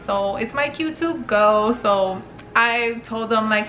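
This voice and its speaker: Brief: young woman vlogger, chatty storyteller, bright forceful tone, roomy home echo. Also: medium pitch, normal speed, slight background noise. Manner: chatty, filler-heavy, swears casually, acts out quotes. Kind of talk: casual storytelling to camera. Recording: echoey room with faint ambience.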